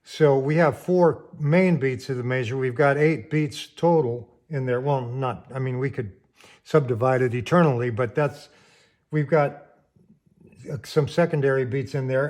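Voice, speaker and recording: A man's voice: medium pitch, darkish tone. A man teaching piano, explaining rhythm plainly and counting beats aloud. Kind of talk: piano lesson, counting aloud while playing. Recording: piano underneath the voice. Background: piano playing.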